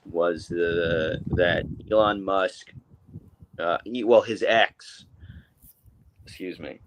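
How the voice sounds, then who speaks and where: A man's voice: fairly low pitch, a bit bright, rough recording. A man co-hosting a weekly talk stream, speaking in a casual, rambling way with many fillers and restarts. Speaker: co-host. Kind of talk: casual political chat.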